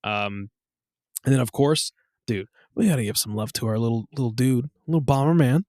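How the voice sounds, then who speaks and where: A man in his thirties co-hosting a casual podcast, telling stories with lots of swearing and acting out quotes in a high voice. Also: moderate pace, a little mellow, dry recording, studio quality. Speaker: podcast co-host. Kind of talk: casual chat.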